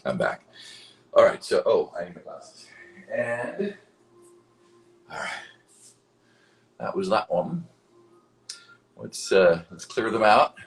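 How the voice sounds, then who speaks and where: Man, very deep voice, lively up-and-down delivery, casual live-stream Q&A, rambling, lots of fillers, swears casually. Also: slow, pauses often, poor audio. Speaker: voice actor answering fan questions. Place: at home.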